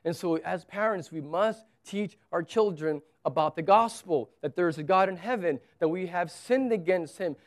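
Earnest preacher man, fairly high voice. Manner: earnest, repeats words when stressing a point. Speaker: pastor. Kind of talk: sermon.

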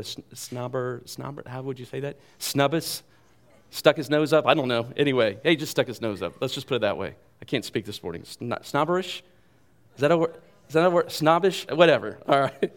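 Animated preacher man with wide swings. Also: mid-range voice. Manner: animated, jokes at himself, drops to soft voice for quotes. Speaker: pastor. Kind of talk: sermon.

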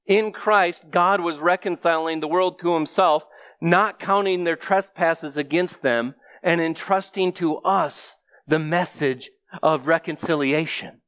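A man's voice: high voice, a bit bright, smooth, no room sound, muffled recording. A man preaching a sermon, speaking earnestly and emphatically straight to his listeners.

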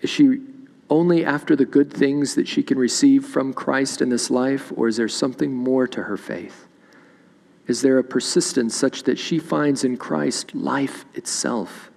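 A man's voice: mid-range voice, a little slow, gravelly, a little mellow, long reverb tail. A man preaching a sermon in a church, reading scripture aloud and explaining it verse by verse. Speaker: pastor. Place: church sanctuary.

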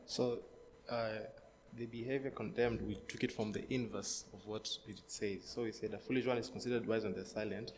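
A man in a Bible study answering a group question, speaking hesitantly and quietly. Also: on the low side. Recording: reverberant hall with faint noise.

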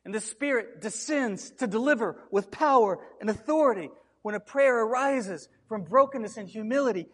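A man delivers a sermon in a high, ringing voice. He drives his points home with emphatic repetition. His words echo through a hall with a long reverb. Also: expressive, moderate pace, a bit bright, husky. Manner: preaching with rising intensity, repeated emphatic cries. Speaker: pastor.

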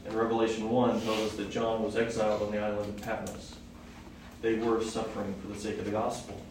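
A man's voice: on the low side, monotone, fairly quick. Man preaching, asks the room questions, big reverberant space, faint hiss. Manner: conversational, asks the audience questions. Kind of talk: sermon, Bible teaching. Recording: echoey hall from far off, faint noise.

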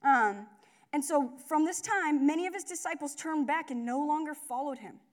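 A woman's voice: high-pitched, moderate pace. A young woman giving a casual, conversational sermon with lots of fillers and asides. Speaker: speaker at a church gathering.

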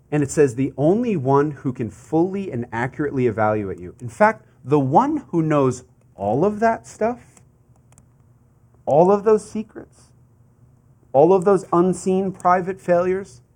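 Male pastor, sermon delivery, animated pitch, conversational but fervent. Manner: conversational preaching, building to fervent emphasis; asks the congregation rhetorical questions.

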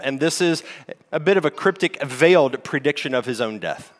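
A man's voice: medium pitch, lively intonation, moderate pace. A man preaching a sermon as lead pastor, teaching in a conversational way with rhetorical questions. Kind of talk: expository sermon. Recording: long hall reverb.

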